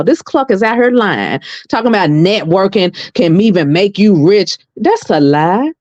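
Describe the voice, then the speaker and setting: A woman hosting a casual gossip livestream, talking in a sassy, animated way and stretching words out for emphasis. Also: mid-range voice, normal speed, few pauses, no echo, muffled recording. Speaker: livestream commentary host.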